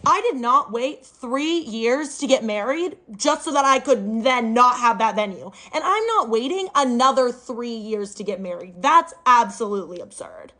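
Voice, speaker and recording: A woman's voice: fairly high pitch, fairly bright tone. A young woman telling a family story in a casual, sarcastic, exasperated way.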